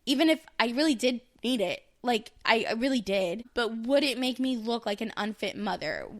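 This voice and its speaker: A woman in her thirties shares her own story in a loose, candid podcast chat. Her voice sits a little high, and she rambles with plenty of fillers and restarts. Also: lively intonation, normal speed, fairly bright tone. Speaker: podcast co-host. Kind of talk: casual personal storytelling.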